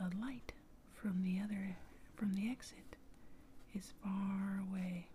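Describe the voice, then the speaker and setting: Woman, whispered role-play bedtime narrator, slow, mellow, faint hiss behind. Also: medium pitch. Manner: improvised whispered storytelling, slow and soft. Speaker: ASMR storyteller.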